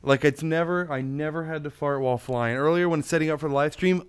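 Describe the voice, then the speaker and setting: A man co-hosting a livestream, trading quick jokes and banter. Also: a little high, clean tone. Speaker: livestream co-host. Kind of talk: casual livestream Q&A.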